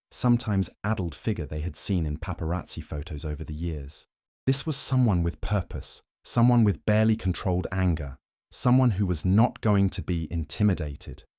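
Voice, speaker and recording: Brief: male narrator, very low voice, measured, dry studio sound. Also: warm tone, no echo. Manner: measured storytelling. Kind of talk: scripted narration.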